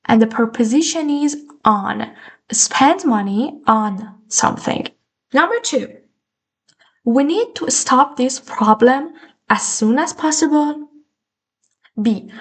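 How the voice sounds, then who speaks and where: Slow, patient woman teaching English. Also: fairly high pitch. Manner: patient, explains slowly with repeated examples. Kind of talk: online grammar lesson.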